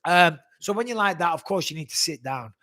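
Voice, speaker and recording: A man hosting a live Q&A, answering viewer questions in a blunt, profane, animated way. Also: a little high, a little fast, dry recording. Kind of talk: live Q&A chat.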